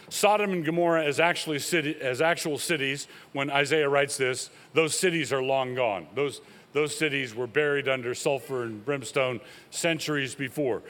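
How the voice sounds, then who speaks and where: A man's voice: fairly high pitch, fairly bright tone, big-room sound. A man preaching a sermon as a pastor, speaking emphatically and rising sharply when he quotes.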